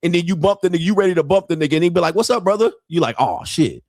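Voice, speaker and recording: Profane, animated male podcast host. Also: high-pitched, racing, dry recording, clean studio sound. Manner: profane, animated, laughs often, acts out street exchanges. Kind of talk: unfiltered comedic commentary.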